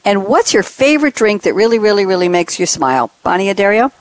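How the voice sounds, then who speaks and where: A woman's voice: mid-range voice, big pitch swings, fast, no echo. Effusive woman hosting a talk show. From New York. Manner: effusive, emotional. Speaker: host.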